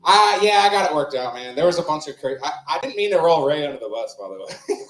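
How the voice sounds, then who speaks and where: A man's voice: on the high side, sing-song, fast talker, a bit bright. A man hosting an open mic, doing crude, loose stand-up on a small club stage. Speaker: open mic host and comedian. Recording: roomy club sound.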